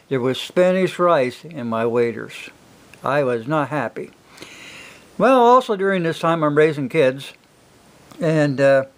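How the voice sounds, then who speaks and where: High-voiced older man telling folksy stories. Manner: rambling, folksy, many fillers. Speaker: single father telling stories. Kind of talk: casual storytelling.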